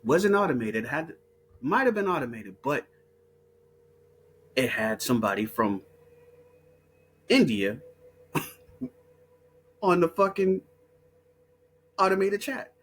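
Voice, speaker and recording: A man's voice: on the high side, very animated, takes it slowly, pauses often, fairly bright tone, husky. A man hosting his own video, talking in a heated, profane monologue full of repeated words and restarts. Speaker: video host. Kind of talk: casual monologue.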